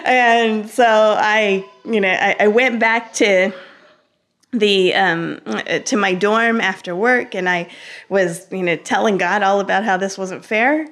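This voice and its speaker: A woman, a guest in an interview, earnestly recounting a personal story in a relaxed conversational way. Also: medium pitch, takes it slowly.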